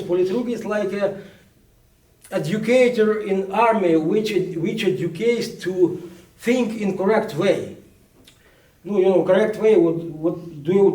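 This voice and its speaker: A man, a journalist recounting events at a book presentation in a halting way, full of restarts. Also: high voice, dark tone. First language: Ukrainian. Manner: halting, many restarts and fillers. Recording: echoey room, speaker far from mic.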